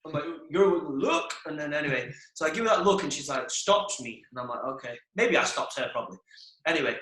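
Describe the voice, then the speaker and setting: A young man in casual podcast chat, telling rowdy stories with plenty of swearing. His voice sits a bit high for a man. The room is echoey and bounces his voice back. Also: animated, fast talker, sharp tone. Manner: swearing, storytelling, laughs mid-story. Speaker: podcast co-host.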